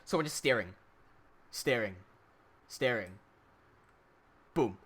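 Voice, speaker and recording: A filmmaker telling a story to camera in an animated way, swearing heavily and trailing off quietly at times. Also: male voice, mid-range voice, takes it slowly, breathy edge. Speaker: filmmaker and channel host.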